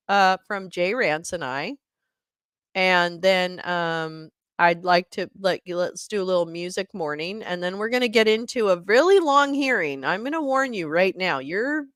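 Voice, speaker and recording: A woman's voice: mid-range voice, fairly bright tone, dry recording, studio quality. A woman hosting a casual livestream, chatting in a scattered way and swearing and laughing as she fumbles with her setup. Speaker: livestream host.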